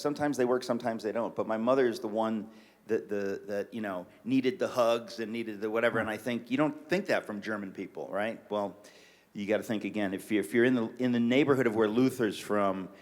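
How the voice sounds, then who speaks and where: A middle-aged man from New York City, a guest author in casual chat on a church stage, telling stories in a joking, animated way. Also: fairly low pitch, fairly quick. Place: church stage before an audience.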